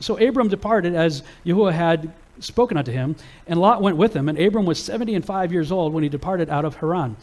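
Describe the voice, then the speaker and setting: Animated male Bible teacher. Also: a little high, a little fast. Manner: casual and animated, acts out quoted characters. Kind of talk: Bible teaching talk to a live audience.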